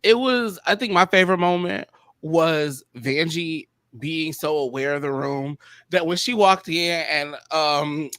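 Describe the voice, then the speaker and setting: A man's voice: a little high, unhurried, sharp tone, clear, resonant tone, no room sound. A man on a review panel, chatting casually and laughing as he retells moments with big swings in his voice. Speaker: podcast panelist. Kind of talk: casual chat.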